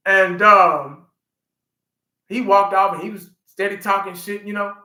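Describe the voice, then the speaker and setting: A man in his forties chatting casually on a livestream, an animated storyteller who laughs often and talks to his chat. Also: high voice, measured pace, reverberant, poor audio. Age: 40s. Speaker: livestream host.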